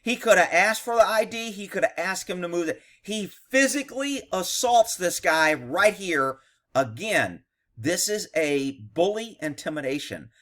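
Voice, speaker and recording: A man's voice: sits high, expressive, a little slow, a bit bright. A man, a former police officer, giving blunt, profane, indignant commentary on a video. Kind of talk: reaction commentary.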